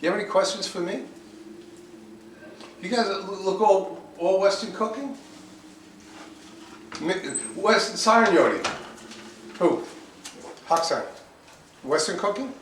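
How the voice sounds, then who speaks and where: Brief: male cooking teacher, slightly high voice, heard from across an echoey classroom with faint hiss, repeats and restarts as he lectures. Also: lively intonation, slow, long pauses, a bit bright, recorded from a distance. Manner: repetitive, restarts often, switches to bold exclamations.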